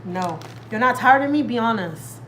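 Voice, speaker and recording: A woman's voice: a little high, expressive, moderate pace, a bit bright, a little hiss or hum, poor audio. A woman, chatting casually and at length with viewers on a live stream from home. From Texas, USA. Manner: chatty and rambling, talks straight to viewers. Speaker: family vlogger hosting a live stream.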